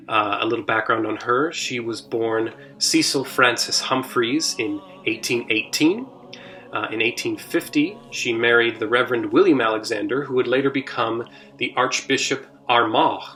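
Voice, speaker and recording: A man who leads a church's music ministry, explaining hymn history in a casual, halting way full of "uh" and restarts. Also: medium pitch, sharp tone. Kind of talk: informal hymn history talk.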